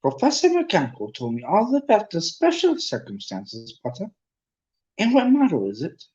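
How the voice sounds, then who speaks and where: A man voicing a tiny, cheerful male professor with a squeaky, high-pitched voice on a dull lo-fi recording. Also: wildly swooping pitch, normal speed, mellow. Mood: cheery.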